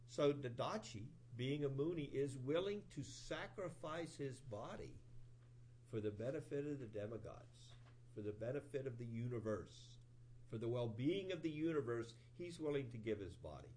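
A man giving a sermon, retelling an old scripture story in an animated storytelling voice with rising emphasis. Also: mid-range voice, moderate pace, a little hiss or hum. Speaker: preacher.

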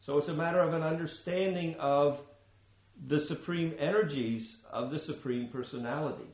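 A man giving a scripture class, explaining in a measured way with frequent restarts. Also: a little high, a little mellow, roomy sound, poor audio. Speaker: spiritual teacher.

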